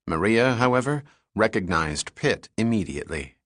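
A man reading an adventure novel aloud in a steady storytelling delivery. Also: on the low side, normal speed, no room sound, studio quality. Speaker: audiobook narrator. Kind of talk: scripted narration.

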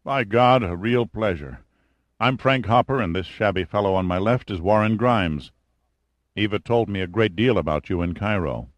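A man reading an audiobook, voicing a hearty, red-faced doctor in a raised, higher voice. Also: normal speed, no echo, close to an everyday voice.

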